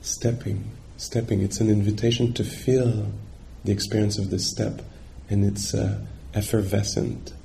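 Gravelly low-voiced male meditation teacher. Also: level tone, normal speed, hardly any pauses, dark tone, a little hiss or hum. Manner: searching, hesitant, checks in with listeners. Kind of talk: dharma talk.

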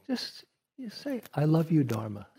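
A man putting on the voice of an older male spiritual teacher who gently and playfully urges his student on. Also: on the high side, wildly swooping pitch, a little slow, breathy edge, pitched above the performer's own voice, exaggerated voice. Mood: coaxing.

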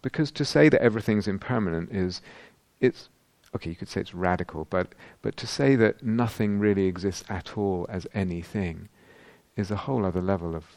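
A meditation teacher answers a retreat question in a man's low, gravelly voice, with a dry, close sound. He thinks aloud, restarts his sentences and searches for words as he goes. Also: a little fast, darkish tone, dry recording. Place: meditation hall.

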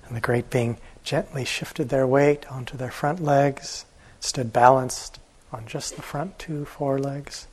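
A man, a meditation teacher, telling an old fable in a gentle, unhurried way during a morning talk. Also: medium pitch, fairly even intonation, breathy edge, rough recording.

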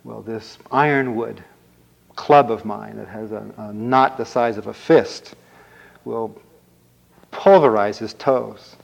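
A man's voice: fairly low pitch, slow pace, gravelly, full character voice, rough recording. A man playing a boastful young prince. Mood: determined. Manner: bold, defiant declarations.

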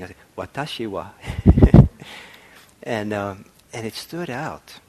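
A middle-aged man giving a meditation talk, reflective and soft-spoken, pausing often with ums and restarts. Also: medium pitch, a little hiss or hum. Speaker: meditation teacher. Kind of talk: dharma talk. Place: meditation hall.

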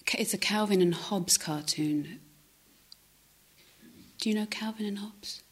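A woman giving a reflective meditation talk, speaking softly and haltingly, often dropping to a near-whisper. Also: medium pitch, breathy edge. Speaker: meditation teacher.

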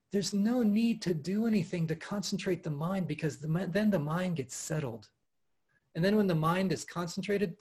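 A man with a husky, slightly breathy voice that sits a little high for a man gives a heartfelt talk at a meditation retreat. He speaks with lively warmth and enthusiasm, often restarting his phrases and breaking into soft laughter. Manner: earnest and animated, with frequent restarts and soft laughs. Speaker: meditation teacher. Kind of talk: dharma talk at an online retreat. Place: home, over a video call.

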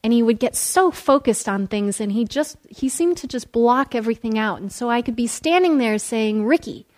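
A woman teacher shares a story during a meditation talk. Her voice sits somewhat high, and her manner is gentle and relaxed, with frequent soft laughter. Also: moderate pace. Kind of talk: dharma talk.

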